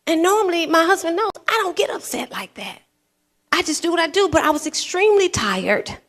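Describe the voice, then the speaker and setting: A woman pastor in her fifties preaching a sermon, telling a personal story with laughter and building to shouted preaching. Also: very high voice, sing-song, brisk. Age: 50s. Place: church sanctuary.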